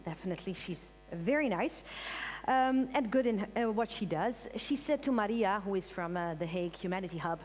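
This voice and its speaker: A woman's voice: medium pitch, moderate pace. Woman hosting live in a reverberant hall. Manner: lively, thanks crew and calls for applause. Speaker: event host. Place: large event hall with audience. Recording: hall reverb, audience, faint hum.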